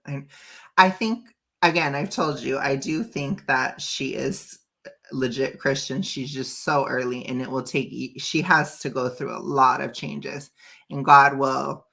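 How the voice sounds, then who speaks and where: A woman's voice: rumbling low, steady tone, a little slow, gravelly, pushed and bright. A woman co-host in a casual reaction chat, speaking emphatically with colloquial phrasing.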